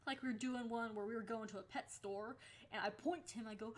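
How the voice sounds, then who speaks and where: A young adult woman talking casually in a storytime vlog. She is animated, swears freely and acts out the lines people said. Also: medium pitch, brisk. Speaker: vlogger.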